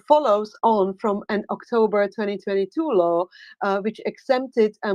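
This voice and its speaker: A woman hosting a live online audio chat, talking haltingly with many filler sounds and growing excited. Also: medium pitch, dry recording. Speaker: host.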